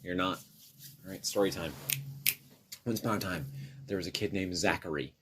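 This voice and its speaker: A man retelling a silly story for a storytelling game in an offhand, deadpan way, correcting himself as he goes. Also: low-pitched, moderate pace, noisy background. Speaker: storyteller in a narrative telephone game. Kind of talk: improvised comic storytelling.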